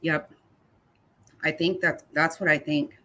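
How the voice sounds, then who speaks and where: A woman's voice: low voice, fairly even intonation, slow pace, sharp tone. A woman hosting a casual livestream, answering viewers by name in a blunt, angry way and swearing freely. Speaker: livestream host reading chat. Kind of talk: casual live chat commentary.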